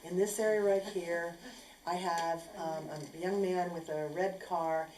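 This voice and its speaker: A woman telling a personal story casually, acting out what people said in an animated way. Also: fairly low pitch, unhurried. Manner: animated, acts out quotes. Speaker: speaker sharing a personal story. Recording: echoey room with faint noise.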